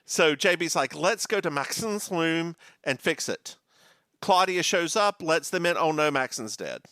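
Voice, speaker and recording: A man with a Southern American accent, co-hosting a podcast in a casual, animated chat that recaps a TV episode and drifts into joke accents. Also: fairly high pitch, unhurried, dry recording, studio quality. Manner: animated, slips into a mock French accent. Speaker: podcast co-host.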